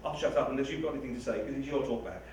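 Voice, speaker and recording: A man's voice: mid-range voice, very fast. A man talking casually to a live audience, rambling and self-deprecating. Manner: rambling, self-deprecating, chatty with frequent laughs. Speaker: writer or reader speaking to a live audience. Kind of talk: casual talk-back with an audience. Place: hall with an audience. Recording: echoey hall recording from far off, noisy.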